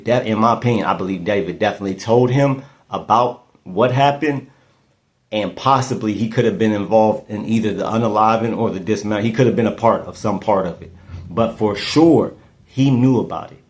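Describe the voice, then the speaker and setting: A man's voice: lowish voice, normal speed, darkish tone. A man hosting a casual true-crime commentary podcast, thinking aloud and often repeating and restarting his words. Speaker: podcast host.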